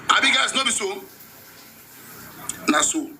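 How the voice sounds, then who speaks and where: Bright-voiced Nigerian man chatting. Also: high voice, expressive, unhurried, a little hiss or hum, low-quality recording. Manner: chatty, laughing, mixes Pidgin with English. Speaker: gossip show host. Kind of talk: casual commentary.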